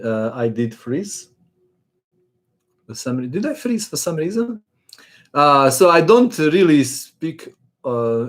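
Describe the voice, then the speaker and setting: A man who is not a native English speaker hosts a chess live stream, reading viewer comments aloud with many fillers and small chuckles. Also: on the high side. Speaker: chess channel host.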